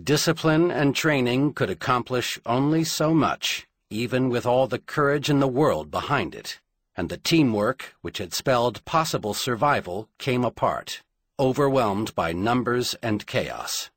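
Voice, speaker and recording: A man narrating an audiobook in a dramatic, measured storytelling manner. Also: mid-range voice, fairly bright tone, dry recording.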